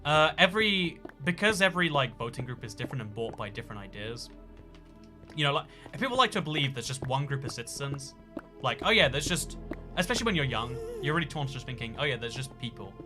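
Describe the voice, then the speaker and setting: A man's voice: mid-range voice, sing-song, fast talker, music in the background. A man hosting a casual livestream and reading out chat donations. He talks in a rambling, jokey way, full of fillers and restarts.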